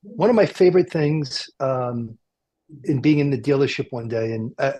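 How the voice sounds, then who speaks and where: A man's voice: medium pitch, normal speed, warm tone. A man hosting a radio talk show from a car dealership, rambling and joking with plenty of fillers and restarts. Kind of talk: casual chat.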